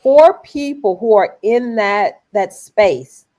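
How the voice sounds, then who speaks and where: Woman podcast host, eager, affirming, casual interview talk, mid-pitched voice. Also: lively intonation, dark tone. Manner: eager, affirming, quick yeses.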